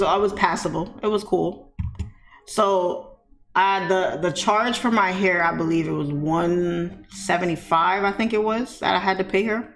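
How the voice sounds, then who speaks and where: Woman, casual storytime, animated, talks to viewers, echoey room, faint music behind. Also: mid-range voice. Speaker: vlogger telling a story.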